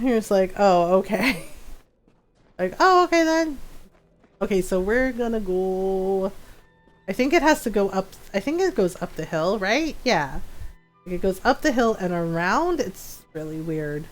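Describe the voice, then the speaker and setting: A woman's voice: medium pitch, animated, unhurried, soft background music. A woman livestreaming a game and chatting casually, talking in a giggly way with many fillers. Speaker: livestream gamer. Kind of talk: casual chat while gaming.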